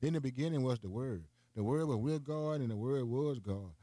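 An older man preaching a broadcast sermon in a folksy way, often calling his listeners "boy" and climbing into high, emphatic runs. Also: a little fast, dark tone, dry recording.

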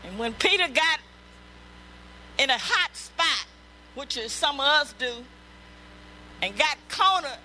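A woman's voice: high voice, expressive, slow pace, pauses often, pushed and bright, slight background noise, poor audio. A woman pastor delivering a sermon, emphatic and repetitive, breaking into calls of praise.

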